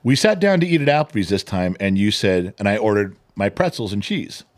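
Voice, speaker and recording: A man's voice: lowish voice, sing-song, brisk. A middle-aged man co-hosting a podcast in casual chat, telling stories animatedly, mimicking voices and swearing. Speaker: podcast co-host.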